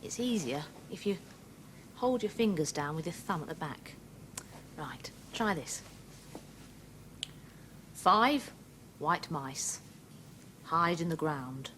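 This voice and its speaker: A woman presenting a children's show, leading finger-counting rhymes and little songs for young children in a slow, playful, sing-song way. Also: low-pitched, lively intonation, pushed and bright, slight background noise.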